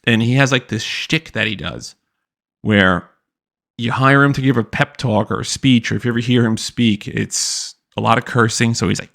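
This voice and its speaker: Brief: young male podcast host, gravelly, profane and blunt, casual rant delivery. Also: medium pitch, normal speed, a bit bright. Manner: blunt, profane, mocking impressions. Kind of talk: profane ranting commentary.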